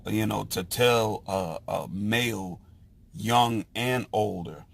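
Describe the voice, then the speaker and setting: A man in a casual monologue, talking haltingly with lots of fillers and restarts. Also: on the low side, vocal fry, fairly bright tone. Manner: slow, halting, with many "you know" fillers and restarts. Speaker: speaker sharing opinions.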